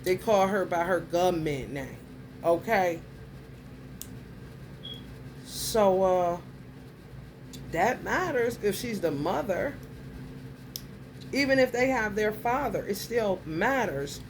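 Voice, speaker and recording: A woman's voice: mid-range voice, animated, slow pace, long pauses, slight background noise. A woman giving a casual monologue to her viewers, telling a story bluntly and heatedly, with plenty of profanity. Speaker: vlogger.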